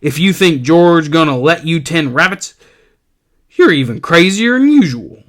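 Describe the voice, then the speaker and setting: A man's voice: a little high, lively intonation, a little slow, pitched above the performer's own voice. A man doing a big jeering imaginary rabbit. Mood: taunting. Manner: loud taunting mockery.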